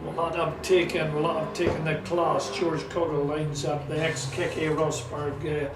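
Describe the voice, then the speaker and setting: A man with a Scottish accent giving chatty, excitable live commentary on a motorsport sprint event. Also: on the high side, normal speed. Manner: chatty, excitable, talks to a companion. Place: at a sprint track. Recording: roomy, distant mic with loud car noise. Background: car engines and outdoor ambience.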